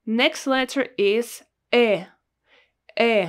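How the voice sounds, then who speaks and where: A woman with a Russian accent teaching a language lesson, repeating words slowly and carefully for learners. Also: medium pitch.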